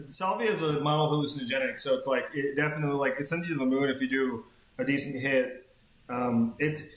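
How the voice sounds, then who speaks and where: A man's voice: medium pitch, fairly bright tone, reverberant. A man streaming a game, telling a long rambling story in casual chat and swearing freely. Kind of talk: casual chat while gaming.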